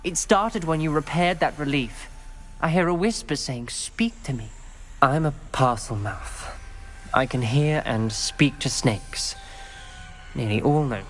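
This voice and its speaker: An actor playing a guarded young male wizard student who speaks in a measured, wary way. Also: fairly high pitch, expressive. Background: loud game music.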